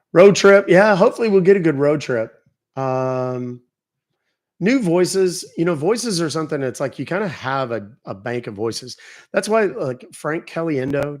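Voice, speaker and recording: A man's voice: on the high side, lively intonation, normal speed. A man hosting a live stream, chatting casually and profanely with his audience and joking around. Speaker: livestream host.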